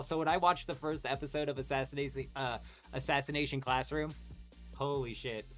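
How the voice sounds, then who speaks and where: A man's voice: medium pitch, a little fast, soft background music. Casual, swearing young man streamer. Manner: animated, swears a lot, talks to chat by name. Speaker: livestream host.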